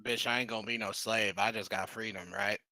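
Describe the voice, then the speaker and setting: A cocky goblin sorcerer who rambles in street slang and swears freely, played by a man in his own voice. The tone is bright and forceful, with a low pitch. The recording is dry and close. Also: a little slow, no room sound. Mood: brash. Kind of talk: tabletop role-play.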